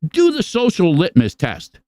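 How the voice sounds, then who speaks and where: A man hosting a podcast in casual chat, rambling and profane, with animated storytelling. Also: high voice, unhurried, no room sound. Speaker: podcast host.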